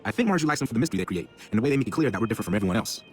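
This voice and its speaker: Guy doing a polite gossipy club member, sing-songy, quick. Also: on the low side, lively intonation, soft background music, natural voice. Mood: confiding. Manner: confiding, polite. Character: prim gossipy male society member. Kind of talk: video game voice acting.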